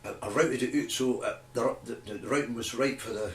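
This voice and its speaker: A man's voice: medium pitch, fairly quick. Rambling Scottish man in his sixties. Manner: rambling, animated anecdotes with frequent restarts. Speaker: guest, guitar builder. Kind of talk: casual storytelling interview. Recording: roomy, distant mic, faint ambience.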